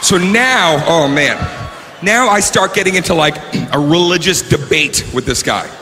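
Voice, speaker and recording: Male stand-up, fairly high, lively delivery with shouted bursts, live stage recording. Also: unhurried, a crowd in the background. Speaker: stand-up comedian. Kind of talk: stand-up comedy set. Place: comedy stage before an audience. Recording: live show recording, reverberant hall, faint room noise.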